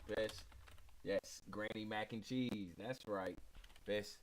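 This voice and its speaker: A man hosting a relaxed reaction show speaks in a slangy, easygoing drawl. His voice sits on the low side. Faint noise hums behind him. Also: slow, rough recording. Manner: laid-back, slangy, chatty. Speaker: show host reacting to clips. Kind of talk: casual reaction commentary.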